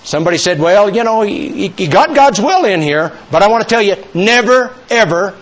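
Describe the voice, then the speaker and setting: A male preacher delivers a sermon in a fairly high voice that swings widely in pitch, speaking expressively and a little fast. He is emphatic, pushing toward near-shouts, and leads call-and-response with the congregation.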